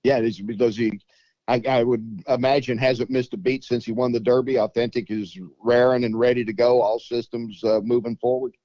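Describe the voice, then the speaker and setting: A man with a warm, relaxed voice hosts a casual interview. He asks chatty, rambling questions and sometimes stammers at the start. The recording is dry and dull. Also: medium pitch, normal speed, no room sound. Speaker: show host. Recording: dull lo-fi audio.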